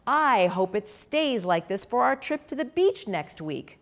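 A woman voicing an eager young boy frog in a bedtime storybook, with a higher, bouncy delivery. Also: very animated, a little slow, a bit bright, heavily acted.

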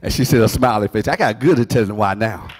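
A middle-aged man preaching a sermon, swinging from soft asides to shouted, half-sung phrases. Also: fairly low pitch, fast talker, husky. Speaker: pastor.

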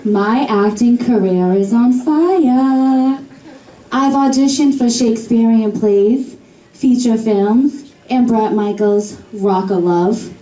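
A young woman with a Boston accent doing a stand-up comedy set with slow, deadpan delivery on a club stage. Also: a little high. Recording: echoey club from far off, faint noise.

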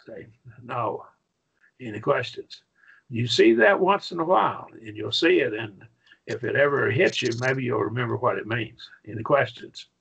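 A man lecturing a Bible Greek class, folksy and patient, checking in with his students as he goes. His voice is gravelly and a little husky. The recording sounds dull and lo-fi. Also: mid-range voice, lively intonation, fairly bright tone. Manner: folksy, repeats "okay?", slows down to stress points.

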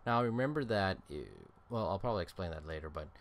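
A man's voice: low voice, expressive, fast, a little hiss or hum. A man giving casual let's-play commentary, thinking aloud with lots of ums and uhs, sounding tired. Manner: rambling, thinking aloud with many fillers. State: tired, yawning. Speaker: game streamer.

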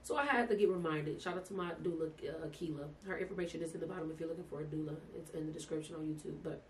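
Animated woman telling her story. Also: sits low, rapid-fire. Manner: animated, emotional, addresses listeners as "y'all" and "baby". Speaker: podcast guest telling her birth story. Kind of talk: casual storytelling to viewers. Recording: distant mic with faint background noise.

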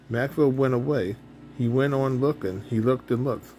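A man reading a children's picture book aloud in a simple, deliberate way, with small stumbles over words. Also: medium pitch, mellow, slight background noise. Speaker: storybook reader. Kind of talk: children's story read aloud.

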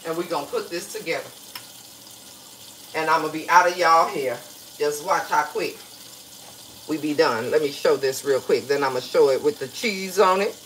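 A woman's voice: low-pitched, background noise. Woman, home cook, playful chatty vlog, kitchen, faint sizzle behind. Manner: chatty, playful, talks straight to viewers. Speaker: home cook hosting a recipe video. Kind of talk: casual cooking vlog chat to viewers.

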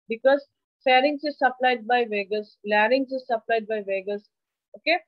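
A woman's voice: a little high, normal speed, dry recording, dull audio. Woman lecturing an online anatomy class. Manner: explanatory, asks the class questions. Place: online video call class. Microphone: computer mic on a video call.

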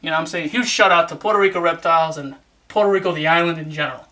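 Talking rapid-fire in a voice on the high side, a man runs through casual shout-outs for his vlog, hyped up and joking in streetwise style, with "you know what I'm saying" coming up again and again.

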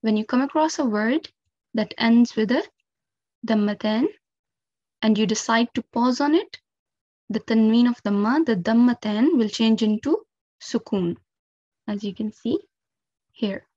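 A woman gives a recitation lesson, walking through each rule with patient, careful explanation. Her voice sits fairly high and she speaks very slowly and deliberately. The recording is dull and lo-fi. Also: mellow, no echo. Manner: patient, careful step-by-step explanation with frequent 'um' and 'okay'. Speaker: Quran recitation teacher. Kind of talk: instructional lesson.

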